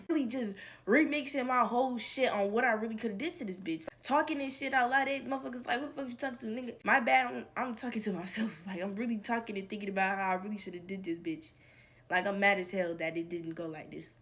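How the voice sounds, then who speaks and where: A young adult woman telling a storytime vlog in a casual, slangy, profane way, acting out what people said. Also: medium pitch. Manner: animated, profane, slangy, acts out quotes. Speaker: storytime vlogger.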